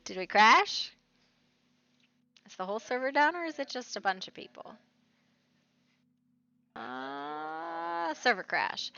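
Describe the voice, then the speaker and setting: Bright-voiced woman streamer chatting w chat, gets loud then quiet, bit muffled mic, faint music behind. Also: lowish voice, slow pace, gravelly, long pauses, clear, resonant tone, no room sound. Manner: excitable, laughing, swings loud and soft. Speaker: live streamer. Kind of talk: casual chat with stream viewers.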